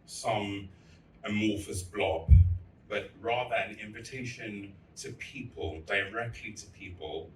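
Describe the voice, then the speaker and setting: A man with a lowish voice delivers a candid public speech, telling stories with blunt, crude humor. He is heard from a distance in an echoey hall, with faint ambience behind him. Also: fairly bright tone, slight background noise. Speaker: festival speaker.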